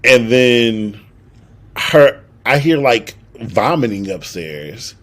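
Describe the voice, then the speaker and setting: A man's voice: mid-range voice, slow. Young man telling a wild story. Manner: animated storyteller, acts out quotes. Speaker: podcast co-host. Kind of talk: casual storytelling chat.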